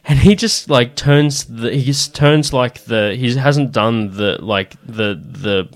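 A man's voice: medium pitch, slow. An Australian man in casual chat, telling a story with lots of swearing and false starts. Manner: swearing, animated storytelling with restarts.

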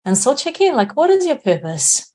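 A woman's voice: high-pitched, sing-song, moderate pace, dark tone. A woman guest on a podcast, reflectively explaining a self-help practice and often checking in with 'right?'. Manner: reflective, often adds 'right?' tag questions.

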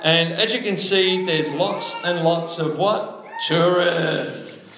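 A man's voice: a little high, steady tone, slow, roomy sound. A man preaching a sermon to a congregation in a church, chatty and full of questions to the room. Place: church hall before a congregation.

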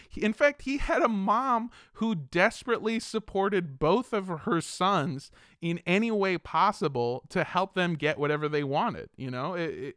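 A man's voice: high voice, fairly bright tone, no room sound, clean studio sound. A man from Los Angeles hosting a podcast in casual chat, swearing freely and trailing into restarts. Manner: profane, heated, trailing restarts. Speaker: podcast host.

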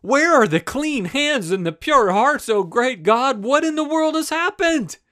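A man preacher voicing an ancient male high priest who weeps and pleads in anguished questions. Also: expressive, unhurried, pushed and bright, exaggerated voice. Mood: grieving.

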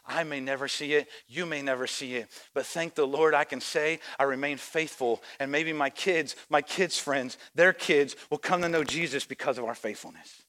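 A high-pitched man preaching a sermon as a pastor. He drops to a quiet, reflective tone, then rises into shouted exhortation, acting out the voices of the people in his story. His voice is bright and forward. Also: normal speed, hardly any pauses. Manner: acts out voices of story characters and church members.

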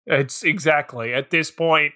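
A man's voice: on the high side, fairly even intonation, unhurried, pushed and bright. A man co-hosting a podcast who throws in sardonic quips and laughs often. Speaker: podcast co-host. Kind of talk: casual chat.

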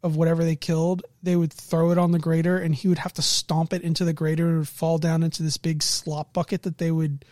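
Woman telling game stories, lowish warm voice, lots of laughing, dry sound. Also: fast talker, hardly any pauses, no echo. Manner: animated storyteller, laughs often. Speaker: game master. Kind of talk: casual chat recounting a tabletop game session.

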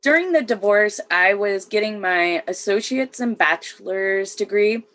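A woman in her thirties tells her own story as a guest on a relaxed chat show. She is a military veteran. She speaks freely and often laughs between sentences, at an everyday pitch. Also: a little slow. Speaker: podcast guest.

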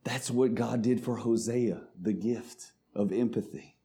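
Dark-voiced preacher with a drawl. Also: male voice, medium pitch. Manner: preaches to the congregation, reads scripture slowly with emphasis. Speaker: pastor. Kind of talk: sermon.

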